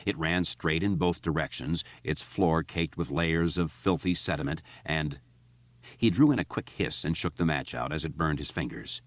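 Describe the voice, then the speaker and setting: A man narrates a horror novel as an audiobook, his delivery measured and dramatic. His voice is low, there's no room sound, and the lo-fi recording comes across slightly dull.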